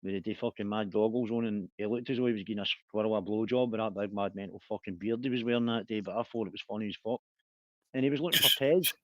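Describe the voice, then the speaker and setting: A man's voice: mid-range voice, steady tone, rapid-fire, no room sound, highs cut off. A man, hosting a casual livestream chat, rambling, laughing and swearing a lot. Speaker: livestream host.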